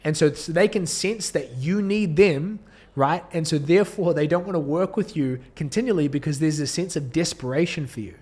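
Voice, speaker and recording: A man's voice: a little high, normal speed, darkish tone, husky. A man in his thirties with a New Zealand accent, speaking to camera as a business coach in an earnest, preachy way, often restarting his sentences. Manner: earnest, preachy, with frequent restarts and light laughs. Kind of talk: direct-to-camera motivational talk. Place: indoor filming setup.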